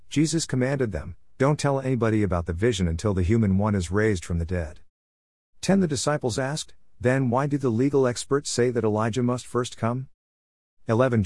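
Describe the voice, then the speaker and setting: A man reading scripture aloud in a measured way, announcing each verse number. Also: fairly low pitch, a little mellow, dry recording, clean studio sound. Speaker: Bible reader.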